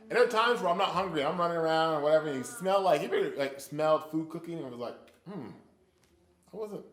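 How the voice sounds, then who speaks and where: This man talks rapid-fire in a higher-pitched voice as he runs an interactive Bible study. He animates his stories with small character voices and sound effects and puts questions to the group, all captured in a room with noticeable echo.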